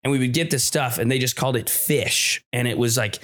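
A man co-hosting a comedy podcast, telling a story in a loose, animated way. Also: medium pitch, fairly quick. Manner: animated storyteller, acts out other voices. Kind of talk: casual storytelling chat.

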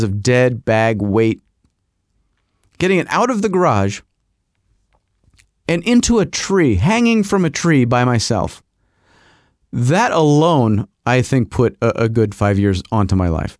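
A man's voice: dry recording, studio quality. A man hosting his own podcast, rambling through a casual monologue with self-mocking asides. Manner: rambling, self-mocking, mimics agency people in a higher voice. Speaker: podcast host.

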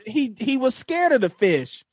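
A man's voice: very high voice, sing-song, measured pace. A man, a comedian guest, chatting casually in a playful, slangy way with stammering restarts. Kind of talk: casual recap chat.

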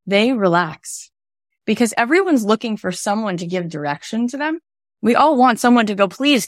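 A woman with a fairly high voice hosts a podcast and coaches two people on a call. She talks with emphatic, animated energy and scatters "like" and "right?" through her lines. The sound is dry and close. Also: no echo. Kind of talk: coaching call, motivational talk.

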